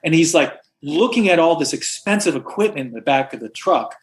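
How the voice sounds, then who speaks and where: A man telling a story as a podcast guest, rambling and halting, self-deprecating and a little teary. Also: on the high side, expressive. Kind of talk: casual storytelling.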